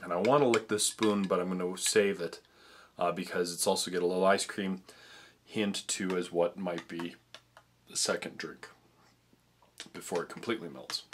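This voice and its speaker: A man's voice: deep voice, fairly even intonation, normal speed, pauses often, a little hiss or hum. A young man chatting casually in a food review vlog, rambling with frequent restarts and stumbles. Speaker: vlogger tasting treats.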